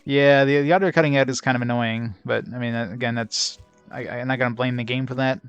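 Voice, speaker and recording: A man's voice: medium pitch, fairly even intonation, fast, clear, resonant tone, dry recording, highs cut off, soft background music. A man hosting a let's play, giving casual, rambling and wry gameplay commentary. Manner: rambling, wry, filler-heavy.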